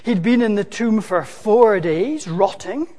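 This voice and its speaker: A preacher delivers a sermon at an unhurried pace, pressing hard on key words and rising to loud, dramatic quotations. The voice carries a long, lingering hall reverb. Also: medium pitch, lively intonation.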